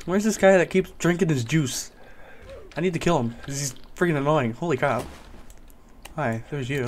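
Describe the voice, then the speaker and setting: A man with a fairly high voice runs casual, jokey gameplay commentary, slipping into mock-serious lectures aimed at other players. Faint keyboard clatter sits softly behind him. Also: moderate pace, slight background noise. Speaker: gaming YouTuber.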